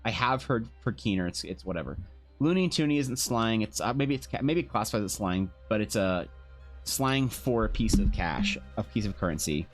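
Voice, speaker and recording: A man's voice: fairly low pitch, animated, moderate pace, faint music behind. A Canadian man chatting casually on a live stream, rambling and sardonic, with the odd swear. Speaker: streamer and artist.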